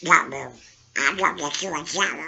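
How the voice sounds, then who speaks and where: Nervous cartoon duck, raspy, gravelly, bright and sharp. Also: male voice, on the high side, moderate pace, pitched above the performer's own voice, full character voice. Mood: anxious. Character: male cartoon duck, fretful, warning.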